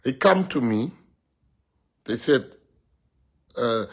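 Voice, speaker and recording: A man's voice: mid-range voice, very animated, unhurried, pauses often, breathy edge. A man with a South African accent giving a rousing, joking political speech and switching languages.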